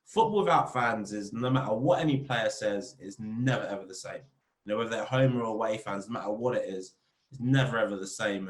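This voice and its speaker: A man, a football club captain, chatting as a podcast guest and telling lively stories about the game. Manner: animated storyteller, rising pitch when telling funny stories. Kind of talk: casual interview chat. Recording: roomy echo.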